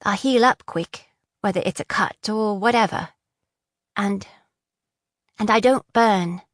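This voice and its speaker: Defiant young woman captive, indignant quick retorts, slightly raised voice, dry close sound, read by a woman narrator. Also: medium pitch, dry recording, lightly acted.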